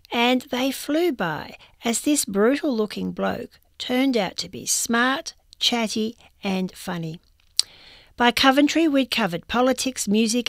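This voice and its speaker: Gravelly woman reading a wry column. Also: on the high side, dry recording. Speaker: reader of magazine columns. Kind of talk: reading a first-person column aloud.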